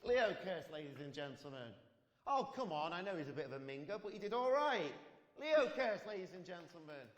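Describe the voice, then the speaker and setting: A man's voice: high voice, big pitch swings, fairly quick, a little hiss or hum. A man playing a comedy club emcee, announcing and teasing the act in showy stage patter. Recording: distant, dull, echoey club hall.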